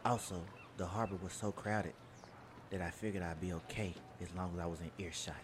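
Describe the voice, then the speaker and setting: Deep-voiced man narrating a story. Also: little pitch movement, background noise. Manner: measured, journal-like reading. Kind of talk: scripted first-person storytelling.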